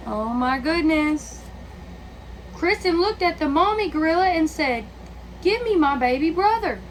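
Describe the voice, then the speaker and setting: Woman reading a kids' picture book out loud, high voice, takes it slow, stops to ask the kids stuff. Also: a little hiss or hum, rough recording. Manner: pauses to ask listeners questions. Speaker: teacher reading aloud. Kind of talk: picture book read-aloud.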